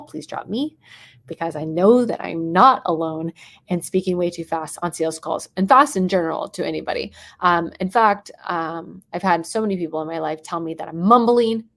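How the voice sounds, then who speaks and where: A young adult woman coaching on sales tonality, talking quickly and dropping into whispers or bright bursts to show different tones. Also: on the low side, gravelly. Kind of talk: teaching sales tonality to a live chat audience.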